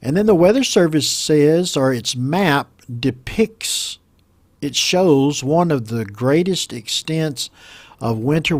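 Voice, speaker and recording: A man teaching English vocabulary and pronunciation, explaining slowly and patiently and repeating each model word. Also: fairly high pitch, a little mellow, no room sound. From United States. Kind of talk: teaching vocabulary from a news story.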